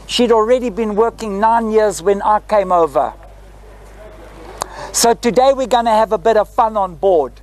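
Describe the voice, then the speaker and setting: A sixty-something South African ex-flight attendant shows a group around a parked airliner's cabin, dramatic and spirited, closing remarks with "eh?". His very high-pitched voice comes through on poor audio.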